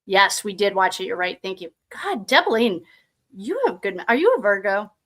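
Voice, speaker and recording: A young woman who reads tarot hosts her own channel, chatting casually with live viewers in a giggly, self-deprecating way. Her medium-pitched voice is sing-song and fairly bright, delivered at normal speed.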